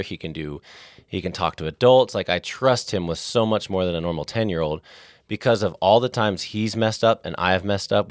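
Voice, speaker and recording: A man with a deep, low voice tells personal stories in an earnest, lively way. He sounds like a podcast guest in his thirties. The sound is dry and close to the mic. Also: no echo. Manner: earnest, animated storyteller. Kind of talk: casual storytelling.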